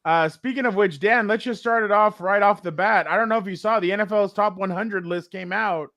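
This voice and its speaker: A man's voice: sits high, fairly quick, sharp tone, no room sound, muffled recording. A man hosting a casual sports podcast on a video call, easygoing and reading chat comments aloud. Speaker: podcast host.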